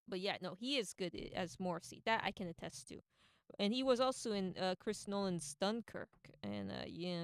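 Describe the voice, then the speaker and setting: A woman with a lowish voice talks through her opinions in a loose, rambling, chatty way. Her tone is smooth and clean. The recording is dry and close, with no room sound. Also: no room sound. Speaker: pop culture commentator. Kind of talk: casual opinion monologue.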